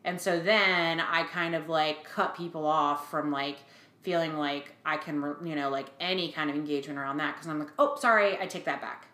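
A woman's voice: low voice, moderate pace. Chatty woman podcaster in an echoey room. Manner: chatty, animated retelling with fillers and quoted voices. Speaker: podcast co-host. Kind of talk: casual chat.

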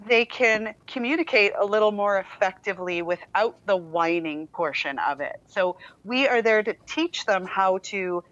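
Woman calmly explaining kid stuff, kinda dull muffled audio. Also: mid-range voice, moderate pace, hardly any pauses, no echo. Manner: calm, explaining step by step. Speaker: parenting podcast co-host. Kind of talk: casual chat.

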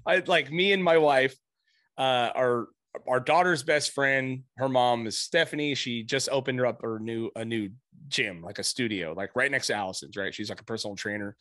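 A middle-aged man tells a story in casual chat, animated and profane, swearing freely and acting out the people he quotes in raised voices. His voice is medium-pitched at a normal speed, in studio-quality audio with no room sound.

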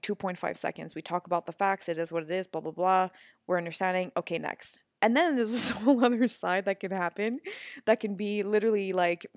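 A woman's voice: mid-range voice, dry recording, clean studio sound. A woman hosting her own podcast as a coach, talking casually about spirituality, laughing often and swearing freely while she tells stories. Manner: laughing, swearing, animated storytelling.

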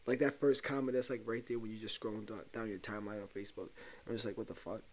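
A man's voice: fairly low pitch, level tone, fast. A young man hosting a solo podcast, ranting loosely and profanely and talking straight to his listeners as if sharing a secret. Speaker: podcast host. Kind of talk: casual solo podcast rant.

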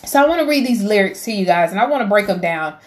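A woman's voice: mid-range voice, lively intonation, quick pace. A woman giving a heartfelt devotional talk, emotional and preacherly, rising to fervent appeals. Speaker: faith vlogger.

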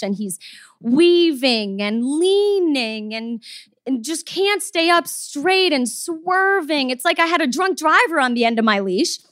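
A woman with a notably high voice tells a personal story to an audience. She is expressive and acts out the people she quotes. Her voice is recorded dry, with no room sound around it. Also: dry recording.

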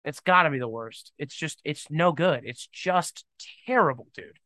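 A man's voice: fairly high pitch, animated, moderate pace, sharp tone, no echo. A young man hosting a podcast in casual solo chat, rambling and emphatic, often saying "dude". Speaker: podcast host.

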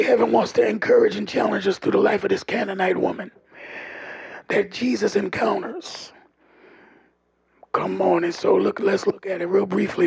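High, gravelly shouting preacher man. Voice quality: gravelly, raspy. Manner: call-and-response preaching, often shouting; humorous asides to the congregation. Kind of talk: sermon.

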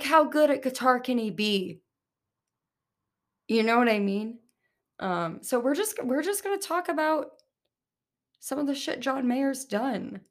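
A young woman hosts a casual solo podcast and rants at easy conversational length. She fills her talk with "like" and "um", swears freely, and drops little laughing asides as she goes. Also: medium pitch. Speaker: podcast host.

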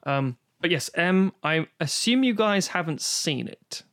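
A man in casual podcast chat about film, animated and profane, acting out quotes as he goes. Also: fairly high pitch, a little slow. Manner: animated, swearing, acts out quotes. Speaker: podcast guest discussing films.

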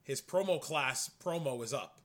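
A man's voice: mid-range voice, lively intonation, moderate pace, fairly bright tone. A man co-hosting a wrestling podcast, chatting casually and politely cutting in with asides. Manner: polite interjections, apologizes for cutting in. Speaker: podcast co-host. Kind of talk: casual chat.

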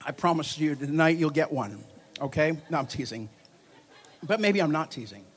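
A man delivering a charismatic sermon in a church hall, slightly higher in pitch than most men. He is animated and playful, teasing his congregation, and swings from quiet asides to loud, emphatic bursts. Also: normal speed, breathy edge. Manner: animated, joking, lively swings in loudness. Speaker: preacher.

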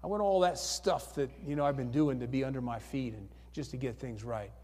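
Speaking fairly quickly in a medium-pitched, darkish voice, a male pastor urges people to come forward during an altar call. He repeats his questions and asks for hands over and over, his words echoing through the church sanctuary.

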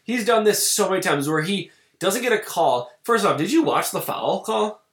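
A man's voice: sits high, animated, normal speed, roomy sound. A man co-hosting a casual podcast, talking bluntly and with exasperation, swearing now and then. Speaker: podcast co-host.

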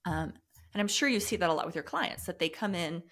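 A woman's voice: on the low side, lively intonation, brisk, a bit bright. A woman speaking as a podcast guest and trauma coach, earnest and reflective, often restarting her sentences in candid conversation.

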